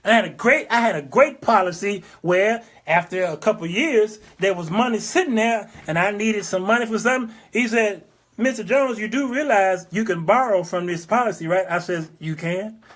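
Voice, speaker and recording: A man's voice: sits high, normal speed, a bit bright. A man in his fifties hosting a talk show, preaching in an emphatic monologue, repeating phrases and acting out the people he quotes. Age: 50s. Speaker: show host.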